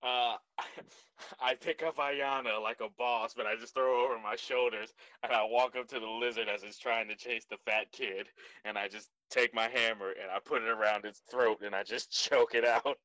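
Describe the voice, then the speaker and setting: A man's voice: medium pitch, fairly even intonation, normal speed, bright, forceful tone, dry recording, rough recording. A man casually playing a tabletop game, joking and laughing while he describes his actions. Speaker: player.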